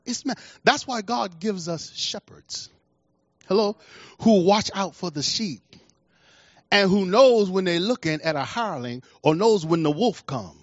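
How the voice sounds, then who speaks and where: A middle-aged male pastor preaching with a high, lively voice that swings widely as he acts out the people in his stories. His speech is folksy and colloquial. The recording is dull and lo-fi, with a dry, close sound. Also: unhurried, dry recording. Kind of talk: sermon.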